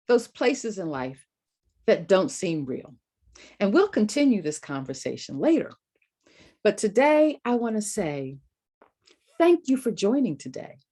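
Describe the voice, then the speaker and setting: A middle-aged woman hosting a motivational talk show, speaking with emphatic, drawn-out phrasing. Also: a little high, sing-song. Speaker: podcast host.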